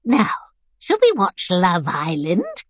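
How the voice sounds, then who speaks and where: A woman voicing a frail, bedridden old woman who is mischievous and sharp-tongued, giving bossy orders in a teasing way. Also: on the low side, huge pitch swings, slow pace, breathy edge, no echo, studio quality, heavily acted.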